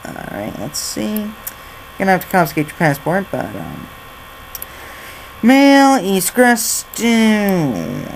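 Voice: medium pitch, huge pitch swings, normal speed, vocal fry, slight background noise, poor audio. A gaming channel host giving jokey let's-play commentary while reading game documents aloud.

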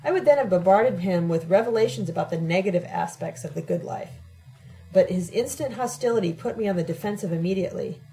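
A woman reading a first-person novel aloud in a steady, measured way. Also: fairly low pitch, faint music behind, poor audio. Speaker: audiobook reader.

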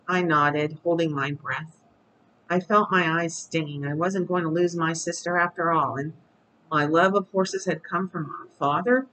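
A storyteller reading a chapter book aloud at bedtime in a calm, steady voice. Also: medium pitch, unhurried, poor audio.

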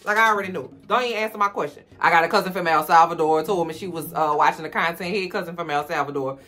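A woman with a Southern US accent, giving sassy, animated TV recap commentary indoors with big pitch swings. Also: racing. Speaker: TV recap vlogger. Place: room indoors.

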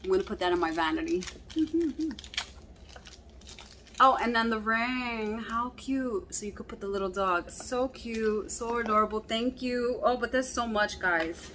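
A woman vlogger chatting casually as she unboxes fan mail, gushing and excitable, calling everything cute over and over. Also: fairly high pitch, unhurried, a little hiss or hum.

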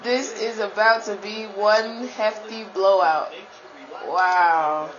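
Woman gamer hyped up narrating her football game, trash talks the other guy, yells out high when stuff happens, kinda dull lo-fi mic. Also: takes it slowly. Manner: excitable trash talk with sudden high shouts. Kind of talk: live gameplay commentary.

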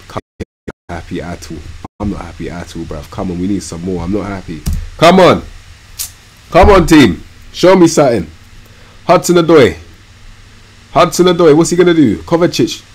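A young man giving live commentary on a football management game, swinging from low muttering to loud yelling and swearing often. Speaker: streamer.

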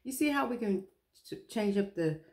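A woman's voice: medium pitch, lively intonation, moderate pace, darkish tone. A young woman vlogger chatting casually to the camera, chatty and self-mocking, laughing often.

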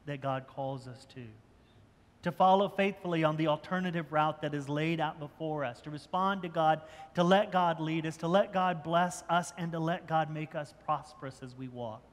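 Older man preaching in an echoing church. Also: fairly high pitch. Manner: conversational preaching with repeated restarts. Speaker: pastor. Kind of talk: sermon. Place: church sanctuary. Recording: church hall with long reverb.

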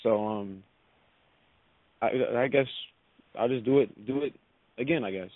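A man's voice: mid-range voice, a little slow, dry recording. A man calling in to a radio show, telling his story hesitantly with many fillers. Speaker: caller. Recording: dry phone line.

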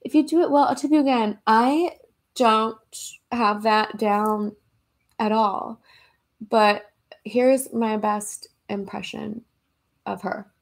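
Young woman, fairly high voice, casual livestream chat, giggly, reads comments aloud. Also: fairly even intonation, slow pace. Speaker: livestream host. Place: her home in Los Angeles.

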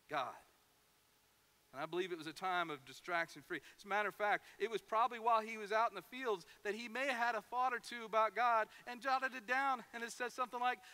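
A man preaching a sermon, telling stories and acting out the people in them. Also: high voice. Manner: animated storytelling with acted-out quotes. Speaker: pastor.

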